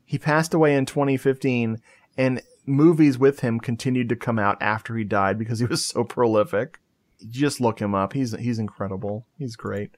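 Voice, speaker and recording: Man, podcast host, mid-pitched voice, casual movie chat, laughs a lot, chatty storytelling. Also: fairly even intonation, moderate pace.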